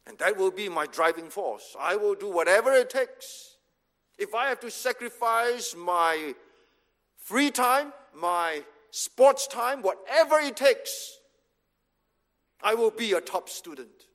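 High-voiced, slow, emphatic man preaching. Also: animated, a bit bright. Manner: emphatic, measured, repeats phrases for stress. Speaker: pastor. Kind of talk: sermon. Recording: long reverb of a hall.

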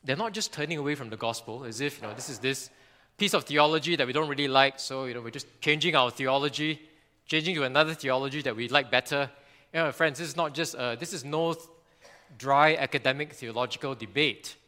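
A man preaching a sermon, animated, sometimes acting out shouts and quotes. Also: medium pitch, brisk. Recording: long hall reverb.

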